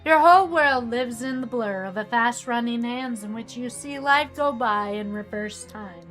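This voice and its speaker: A woman's voice: a little high, normal speed, fairly bright tone, soft background music. A woman streaming a game, chatting casually and reading narration aloud with dramatic swells.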